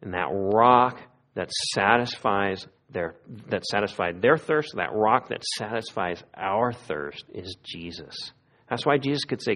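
A man preaching a sermon in an earnest way, his voice rising in emphatic pleas and dropping to hushed, prayerful lows. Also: lively intonation, a little slow. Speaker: pastor.

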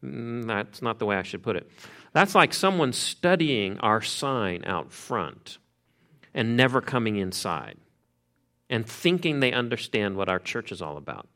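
A pastor preaching an expository sermon in a conversational, emphatic way, repeating key phrases. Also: male voice, on the low side, normal speed, bright, forceful tone, clean tone.

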